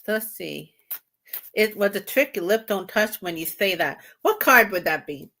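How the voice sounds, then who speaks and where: A woman hosting a tarot video, reacting to a clip and thinking aloud in halting, repetitive phrases with loose grammar. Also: medium pitch, animated, pushed and bright. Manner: halting, repeats herself, broken grammar. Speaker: tarot reader host. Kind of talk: casual thinking-aloud commentary.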